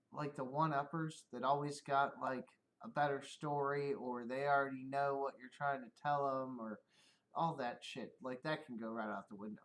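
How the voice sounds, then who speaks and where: A man's voice: mid-range voice, fairly bright tone. A middle-aged man on a casual livestream, rambling and swearing, often laughing at his own stories. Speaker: streamer.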